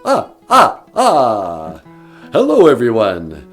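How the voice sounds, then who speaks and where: A man's voice: a little high, huge pitch swings, slow pace, darkish tone, breathy edge, faint music behind, heavily acted. A man voicing a courtly vampire count with a put-on Transylvanian accent and stagey laughter. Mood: grandly polite. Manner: grand, stagey, bursts of "ah, ah, ah" laughter. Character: theatrical counting vampire, male, adult, courtly.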